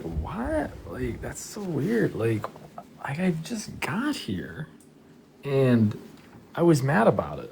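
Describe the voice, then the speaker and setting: Animated, swearing livestream storyteller. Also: mid-range voice, gravelly, slight background noise. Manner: animated, swears often, addresses chat.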